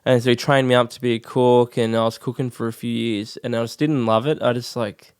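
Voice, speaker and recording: An Australian man in his thirties, a podcast guest casually telling his life story, relaxed, swearing freely and saying "like" a lot. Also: mid-range voice, fairly quick, clear, resonant tone, no room sound, clean studio sound.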